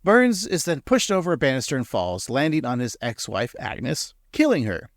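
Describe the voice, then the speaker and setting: A man hosts a podcast, walking through an episode and needling his co-host. His pitch moves a lot and the sound is dry and close. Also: moderate pace, no echo. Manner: teasing, animated. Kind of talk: casual episode recap.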